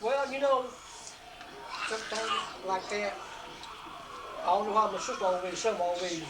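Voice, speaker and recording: An older man, telling rambling stories quickly at a family gathering. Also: high voice. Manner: rambling storytelling, quick talker. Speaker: family elder. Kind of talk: casual family chat. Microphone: camcorder microphone from across the room. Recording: roomy, distant home camcorder audio with crowd noise.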